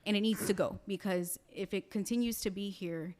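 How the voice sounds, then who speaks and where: Animated woman telling a story. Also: medium pitch, moderate pace. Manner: animated, many "like" fillers, acts out quoted voices. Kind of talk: casual storytelling.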